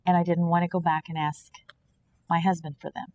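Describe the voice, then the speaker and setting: Guest, female, from Kansas: fairly low voice, earnest and preachy testimony, slips into quoted dialogue. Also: flat delivery, fairly quick, mellow. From Kansas, USA. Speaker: podcast guest. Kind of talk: personal faith testimony in conversation.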